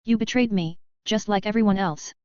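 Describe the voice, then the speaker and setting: A woman's voice: medium pitch, normal speed, a little mellow, clean tone, no echo, lo-fi sound, natural voice. A woman reading a furious, betrayed young queen in an accusing voice. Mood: angry. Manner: angry, accusing.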